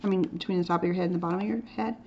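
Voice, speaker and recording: A woman's voice: on the low side, fairly even intonation, racing, warm tone. A woman teaching a drawing lesson in a playful, chatty way, dropping into whispered asides as she demonstrates. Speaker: art teacher. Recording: dull lo-fi sound with faint noise.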